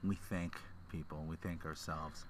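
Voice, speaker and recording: A man's voice: very deep voice, fairly even intonation, moderate pace, far from the mic, slight background noise. A man in his forties hosting a podcast in casual chat, teasing and laughing often. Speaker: podcast host.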